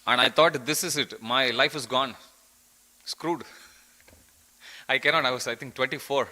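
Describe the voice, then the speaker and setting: A man's voice: mid-range voice, moderate pace, bright, forceful tone, rough recording. A man giving an earnest devotional scripture class, telling a story and quoting verses.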